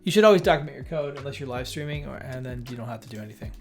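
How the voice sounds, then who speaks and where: A man's voice: medium pitch, expressive, racing, faint music behind. Man casually coding on a stream. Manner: casual, mutters to himself, jokey asides. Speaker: live coding stream host. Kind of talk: thinking aloud while coding.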